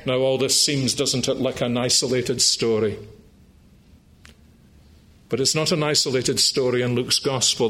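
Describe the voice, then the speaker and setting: A man delivering a sermon at a very slow, deliberate pace. He speaks in a middle-pitched voice, leans on each phrase with dramatic pauses and climbs high when he builds to a climax. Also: a bit bright. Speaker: preacher.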